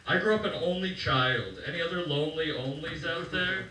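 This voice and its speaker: A man's voice: on the high side, animated, brisk, distant mic. A young man doing a stand-up set on a comedy club stage, joking loosely and chatting with the crowd. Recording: roomy live club sound from afar.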